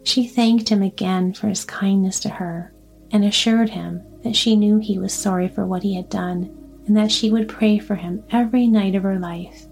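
A woman narrating a storybook in a calm, even way. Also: medium pitch, moderate pace, gravelly, soft background music. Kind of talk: storybook reading.

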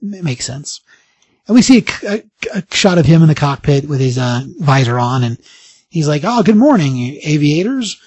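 A man hosting a podcast, casually recapping a comic book story in an animated way, briefly acting out the characters' lines. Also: a little high, moderate pace, slightly rough, no echo. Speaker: podcast host.

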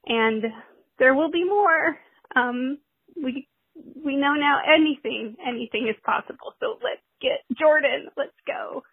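A woman's voice: sits high, a little slow, no room sound, narrow, tinny audio. A woman podcast host signing off affectionately.

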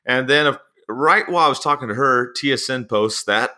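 A man's voice: mid-range voice, a little fast, few pauses, bright, forceful tone. A man hosting a sports podcast, chatting casually and rambling with lots of fillers. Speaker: podcast host.

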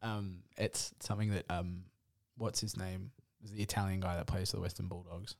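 A man's voice: low-pitched, level tone, moderate pace, vocal fry. A young man, co-hosting a podcast in casual chat, rambling through stories and laughing often. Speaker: podcast co-host.

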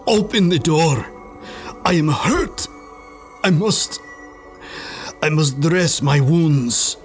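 A man's voice: fairly high pitch, lively intonation, takes it slowly, soft background music, pitched above the performer's own voice. A man voicing a wounded, cunning duke who speaks formally in a strained, gargling voice. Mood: pleading. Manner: formal stiff speech, pleading.

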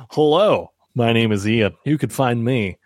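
Playful jokey man, lively voice. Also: medium pitch. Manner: playful, jokey, slips into a mock radio-host voice. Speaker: podcast co-host. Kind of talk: casual podcast chat.

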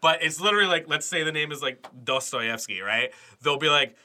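Podcast co-host, man, very bright voice, rambling jokey delivery. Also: on the high side, expressive, brisk. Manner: rambling, filler-heavy, jokey. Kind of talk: casual chat.

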